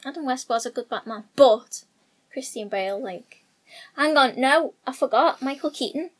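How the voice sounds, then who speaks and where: A woman's voice: high voice, normal speed. A woman co-hosting a casual podcast, firing back dry retorts and laughing often. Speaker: podcast co-host.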